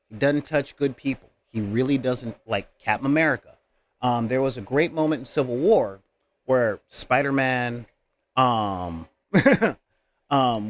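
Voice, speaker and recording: A man with a mid-range voice hosts a casual talk about being a game master for tabletop roleplaying. He speaks earnestly with many hesitations and fillers, and there is no echo.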